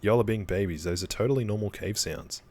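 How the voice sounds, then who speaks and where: A man's voice: lowish voice, quick pace, darkish tone. A man reading as a teasing young woman ghost hunter. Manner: teasing, joking.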